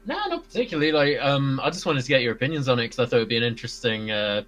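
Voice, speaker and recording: A man's voice: mid-range voice, lively intonation, very fast, a bit bright. A man on a band podcast, speaking offhand and a little hesitant. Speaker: podcast co-host. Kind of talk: casual podcast chat.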